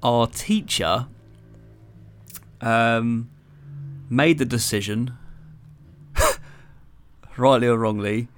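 A man's voice: medium pitch, extremely slow, pauses often, a little hiss or hum. A man, co-hosting a casual podcast chat, joking and swearing freely. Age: 20s. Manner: swears freely, jokey banter. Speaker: podcast co-host.

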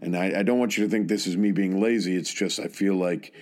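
A man narrating a tribute in an earnest, measured and solemn way, with some hesitant asides. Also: low-pitched, fairly even intonation, a little mellow. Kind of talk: scripted narration.

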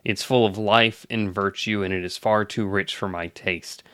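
A man's voice: fairly low pitch, fairly even intonation, moderate pace, a bit bright, clear, resonant tone, dry recording, clean studio sound, lightly acted. A man playing a grave gatekeeping spirit. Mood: solemn. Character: ancient gatekeeping male spirit, grave and hungry.

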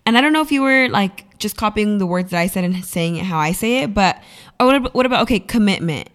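A young woman from California co-hosting a casual morning radio chat, teasing and quick. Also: medium pitch, animated. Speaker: radio co-host.

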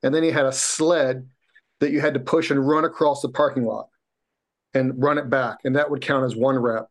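A man's voice: mid-range voice, normal speed. A man telling a personal story as a podcast guest, swearing freely and acting out what others said. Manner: animated, swears freely, acts out quotes. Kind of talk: casual storytelling.

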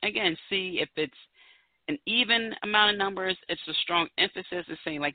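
A woman's voice: mid-range voice, moderate pace, no echo. Chatty woman on a tinny, phone-like line. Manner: chatty and emphatic, pleading for emphasis. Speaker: podcast host. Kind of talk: solo podcast talk. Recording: tinny phone-like dry audio.

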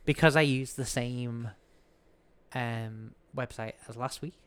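A woman's voice: very deep voice, fairly even intonation, takes it slowly, slight background noise. Chatty woman hosting a quiz. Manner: chatty, enthusiastic, sings snippets. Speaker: quiz host on a podcast. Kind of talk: casual chat.

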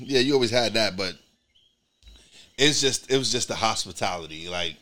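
A man's voice: mid-range voice, moderate pace, bright, forceful tone. A man from New York hosting a podcast in casual chat, rambling with many restarts and repeated words. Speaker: podcast host.

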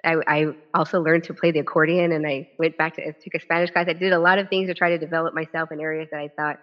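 A woman tells a personal story from the podium at a public event, acting out quoted dialogue as she goes. Her talk is lively and full of quick restarts. The recording sounds dull and lo-fi. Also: deep voice. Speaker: author and former legislator giving a talk. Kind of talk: personal storytelling speech to a live audience.

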